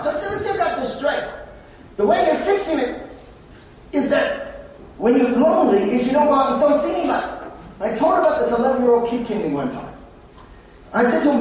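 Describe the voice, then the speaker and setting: A psychologist giving a lively storytelling talk at a conference, acting out conversations with clients. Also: male voice, extremely high pitch, a little fast, pauses often, a little hiss or hum. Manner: animated, acts out client dialogues in a raised voice. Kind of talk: storytelling presentation to an audience. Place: conference hall. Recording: echoey hall, speaker far from the mic.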